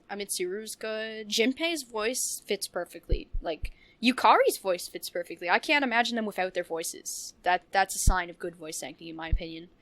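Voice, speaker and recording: A woman's voice: medium pitch, a bit bright, dry recording. A woman co-host chats casually on a podcast, rambling and gushing with little laughs and restarts. Her voice sits in a middle range, recorded close and dry with no room sound. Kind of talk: casual podcast chat about video games.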